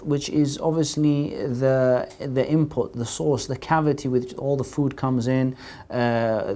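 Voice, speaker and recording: A man's voice: mid-range voice, a little mellow. A man presenting an explanatory religious lesson for a TV series. He talks earnestly, restates each point in several ways and uses frequent "uh" fillers. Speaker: Islamic teacher presenting a TV series.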